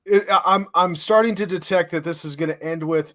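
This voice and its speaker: A man with a fairly high voice, chiming in on a podcast with deadpan quips. He keeps it casual, riffing along with his co-host. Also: fairly quick. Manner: dry, joking interjections. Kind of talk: casual chat.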